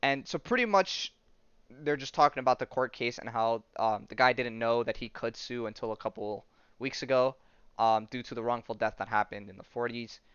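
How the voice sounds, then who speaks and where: Man, podcast host, casual rambling recap, smooth clear voice, slightly dull lo-fi recording. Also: mid-range voice, normal speed, a bit bright, dry recording. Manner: rambling, filler-heavy storytelling. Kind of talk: casual comic-book recap.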